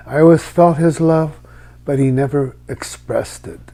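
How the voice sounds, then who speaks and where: A middle-aged man telling a personal story in a halting, reflective way, with frequent restarts. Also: fairly high pitch, fairly even intonation, warm tone.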